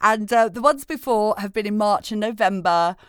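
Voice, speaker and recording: A woman co-hosting a podcast in casual chat, chatty and animated, laughing often. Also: medium pitch, normal speed, clean tone, dry recording, clean studio sound. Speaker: podcast co-host. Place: West Wales.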